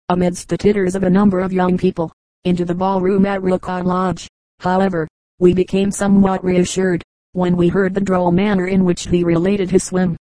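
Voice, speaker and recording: A woman reading a story aloud in steady, measured scripted narration, with a close microphone. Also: lowish voice, dry recording, low-quality recording. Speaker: audiobook reader.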